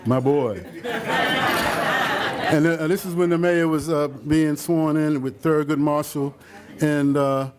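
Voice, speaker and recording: An older man, a photographer, rambling through stories about his photos for a live audience, with many fillers and asides. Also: fairly high pitch. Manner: acts out quotes in other voices. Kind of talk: casual slideshow talk to an audience.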